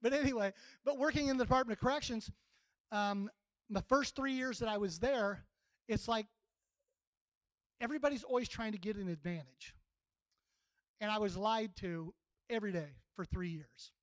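A man's voice: high voice, moderate pace, pauses often, no echo, rough recording. A man in his sixties preaching a sermon in a folksy, plainspoken, conversational way.

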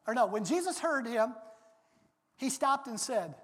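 A preacher delivering a sermon in an emphatic way, now and then bursting into loud, dramatic quotes, recorded in a large church sanctuary. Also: medium pitch, lively intonation, measured pace. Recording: long hall reverb.

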